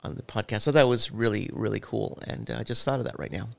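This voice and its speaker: A man's voice: on the low side, fast talker, vocal fry. A man hosting a podcast, chatting casually and rambling with many fillers. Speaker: podcast host. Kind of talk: casual chat.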